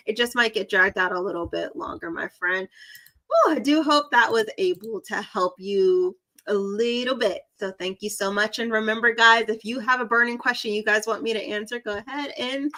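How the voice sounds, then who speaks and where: Young southern gal doing tarot on a livestream, crisp bright voice, laughs at herself a lot. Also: female voice, medium pitch, rough recording. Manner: chatty, giggly, self-deprecating. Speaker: psychic reader. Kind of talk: live stream tarot reading.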